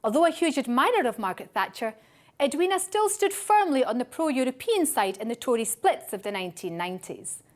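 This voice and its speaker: A woman reading a scripted introduction with a lively, sing-song delivery. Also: high-pitched, fairly quick. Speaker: narrator. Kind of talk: scripted narration.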